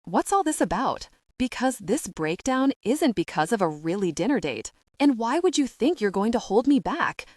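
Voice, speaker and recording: A woman reading the part of a protective young man in a romance audiobook, gentle but cautious and stern. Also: fairly high pitch, big pitch swings, normal speed, hardly any pauses, no echo, clean studio sound, voice pushed up. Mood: worried. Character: devoted young man, steady, protective lover.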